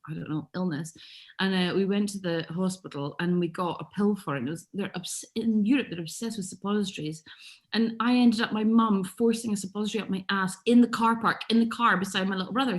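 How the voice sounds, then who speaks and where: A woman comedian guesting on a podcast, giving blunt, emphatic opinions in casual chat. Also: medium pitch.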